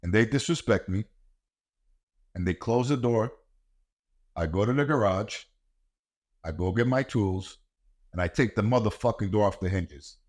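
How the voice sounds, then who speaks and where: A man's voice: fairly low pitch, a little slow, pauses often. A middle-aged man hosting a podcast, talking in a blunt, heated and profane monologue about raising kids. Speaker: podcast host and martial arts coach. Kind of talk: ranting monologue.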